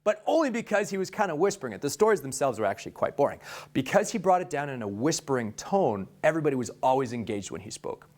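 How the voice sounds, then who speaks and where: A young adult man giving an energetic sales training talk, jumping between bright high delivery and low hushed tones. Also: fast. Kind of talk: instructional talk to a sales team.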